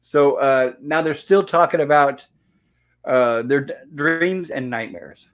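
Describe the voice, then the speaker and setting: A man's voice: medium pitch, slow pace, lo-fi sound. Chuckling man rambling through an episode recap. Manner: rambling, chuckling, leans on "and of course". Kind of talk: casual episode review chat. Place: home.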